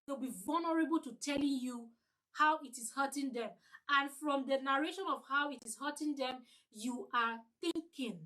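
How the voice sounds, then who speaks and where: A woman's voice: sits high, moderate pace, pushed and bright, low-quality recording. A woman leading an online customer-service training, emphatic, repeating her points and acting out sample lines.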